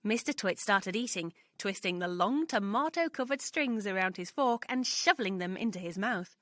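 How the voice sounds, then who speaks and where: A woman's voice: mid-range voice, moderate pace, no echo. Woman narrating a storybook, dry studio. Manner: expressive, clear reading aloud.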